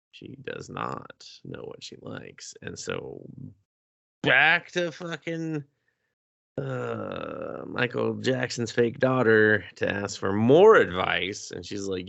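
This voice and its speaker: Male podcast co-host, gravelly low voice, animated profane recapper. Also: slow, no room sound, lo-fi sound. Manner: profane, animated retelling with put-on character voices. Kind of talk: casual movie review chat.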